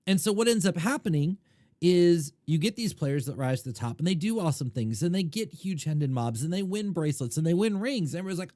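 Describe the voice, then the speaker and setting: A middle-aged man talks casually to his listeners as a podcast host. His pitch jumps around a lot, and he gets loud and then drops low. The close mic sounds dry, with no room echo. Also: brisk. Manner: animated, conversational, swings loud and quiet. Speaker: podcast host, poker coach. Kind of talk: casual storytelling monologue.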